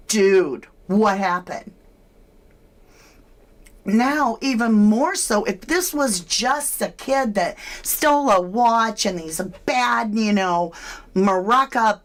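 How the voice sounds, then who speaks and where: Slow-talking woman hosting a true crime stream. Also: on the high side. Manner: chatty, opinionated, greets viewers by name. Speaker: true crime livestream host. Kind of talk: casual livestream commentary.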